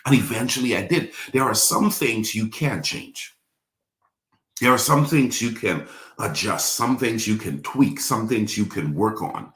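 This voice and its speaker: A man's voice: on the low side, animated, unhurried, a bit bright, reverberant. A man preaching a sermon in a church, repeating phrases and calling the congregation to respond. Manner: repetitive, call-and-response preaching. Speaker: pastor.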